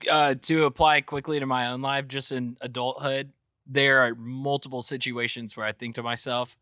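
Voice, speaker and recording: A man co-hosting a casual podcast, joking quickly in easy banter. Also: medium pitch, level tone, sharp tone, clean tone, no room sound, studio quality. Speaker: podcast co-host.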